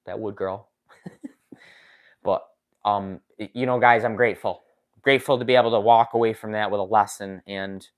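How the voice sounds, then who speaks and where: A man hosting a casual live stream who chats with viewers, reads their comments aloud and laughs often, his injured hand in a splint. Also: lowish voice. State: recovering from a finger injury, in a splint. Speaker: woodworking channel host. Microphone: desk microphone.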